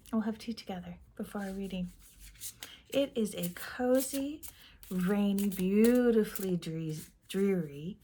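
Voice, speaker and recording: A woman giving a gentle, meandering tarot reading in a soft-spoken voice that drifts into half-whispers. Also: medium pitch, slight background noise. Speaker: tarot reader.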